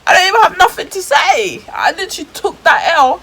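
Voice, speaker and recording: A woman's voice: very high voice, sing-song, a little fast, a bit bright, rough recording. A woman telling a dramatic story in casual slang for her vlog. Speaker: vlogger.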